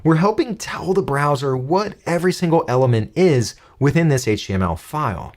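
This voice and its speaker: A man's voice: fairly high pitch, a little fast. Guy walking through a coding tutorial step by step, voice bounces up and down a lot. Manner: calm step-by-step explaining. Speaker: coding instructor. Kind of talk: screen-recorded coding tutorial.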